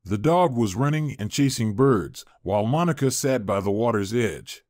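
A man narrating a dramatic story in a scripted, expressive reading. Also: medium pitch, normal speed, no echo, clean studio sound.

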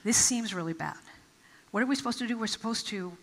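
A woman giving an inspirational stage talk, telling stories and acting out quotes with emphatic pauses. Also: fairly high pitch, big-room sound. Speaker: motivational speaker. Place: large event hall.

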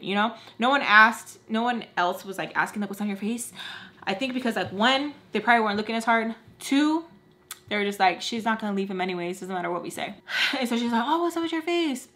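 A young woman chatting through a storytime while doing her makeup, animated and acting out the other people's lines. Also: mid-range voice. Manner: chatty, animated, acts out quoted voices. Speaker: beauty vlogger.

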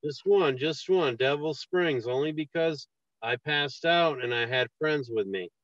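A man's voice: a little high, unhurried, dry recording, dull audio. A man guest in a casual podcast interview, telling stories loosely and with a lot of swearing. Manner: loose storytelling, profane, lively put-on voices.

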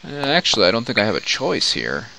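A man's voice: lowish voice, fast, vocal fry. A man casually commenting as he plays through a computer role-playing game, with wry, playful asides. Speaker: let's play host. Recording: steady background noise.

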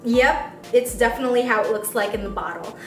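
A young woman with a squeaky voice, chatting excitedly as a beauty vlogger unboxing products in a casual vlog. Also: a little fast. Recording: roomy sound, mic at a distance, faint music.

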